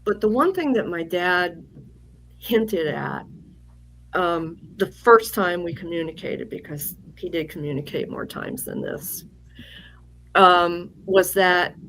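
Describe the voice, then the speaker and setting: A woman's voice: fairly low pitch, slow, vocal fry, a bit bright, poor audio. A woman guest on an interview show, telling a personal story in a candid, rambling way with fillers and restarts. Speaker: guest psychic medium.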